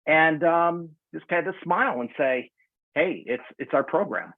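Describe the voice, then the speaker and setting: Man, 60s, casual guest on a video call; husky voice, lively storytelling, lo-fi phone-like sound. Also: a little high, unhurried, no echo. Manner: animated storyteller, acts out quoted voices. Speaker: guest community member.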